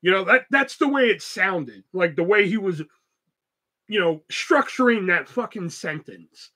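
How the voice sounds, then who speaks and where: A man's voice: high voice, animated, unhurried, bright, forceful tone. A young man hosting a podcast, telling a story in a loose, profane, rambling way full of fillers. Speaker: podcast host. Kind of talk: casual storytelling.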